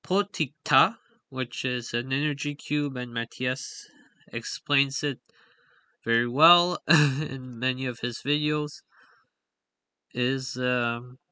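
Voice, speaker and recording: A man's voice: medium pitch, fairly even intonation, slow, bright, forceful tone, clear, resonant tone, dry recording. A man explaining a language's stress patterns in a casual, hesitant way, full of fillers and self-corrections. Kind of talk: casual explainer with on-screen examples.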